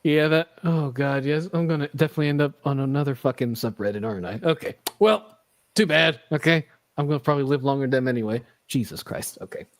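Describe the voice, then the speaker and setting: A man's voice: on the high side, quick pace. A man hosting a casual podcast, rambling and joking with lots of swearing. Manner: rambling, profane and jokey. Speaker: podcast host.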